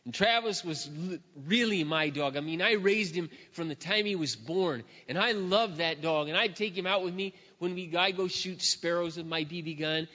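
A middle-aged man preaching, telling a story with lively acted-out barks and shouts. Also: high-pitched, moderate pace, hardly any pauses. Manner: animated storyteller, acts out barking and shouting. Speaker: pastor. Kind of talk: sermon storytelling. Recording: dull sound with long hall reverb.

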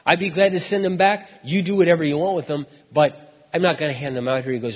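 A man preaches a sermon through a story, acting out each voice in an animated way. His voice is husky. The recording sounds muffled and dull, with the long reverb of a hall. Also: a little high, brisk. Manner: animated, acts out dialogue.

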